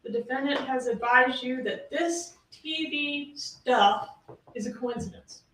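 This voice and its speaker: A woman's voice: high-pitched, unhurried, fairly bright tone. A woman prosecutor delivering a closing argument to a jury, pressing her points with rhetorical questions. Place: courtroom. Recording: roomy courtroom audio from a distance, faint hiss.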